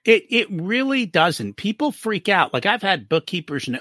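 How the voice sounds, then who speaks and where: Guy on a podcast acting out little back-and-forths, swoopy lively voice, bright tone. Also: high voice, normal speed, dry recording, studio quality. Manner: animated, acts out little dialogues. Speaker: business profitability guest. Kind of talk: casual interview explaining.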